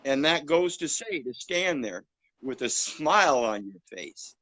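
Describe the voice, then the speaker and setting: Brash, bright-voiced man. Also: fairly high pitch, sing-song, measured pace, no room sound, rough recording. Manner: blunt, profane, preachy. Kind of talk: casual chat.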